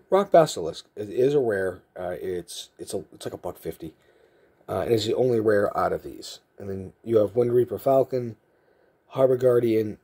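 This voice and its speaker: A man talks casually while he sorts cards for his vlog. He rambles, chuckles, and often restarts his sentences. His voice is mellow, with a husky edge. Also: fairly low pitch. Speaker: trading card vlogger. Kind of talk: casual chat and storytelling.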